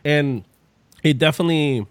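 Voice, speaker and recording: A man's voice: fairly high pitch, normal speed, clear, resonant tone, no echo. A man co-hosting a podcast, talking animatedly with plenty of fillers. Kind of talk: casual podcast chat.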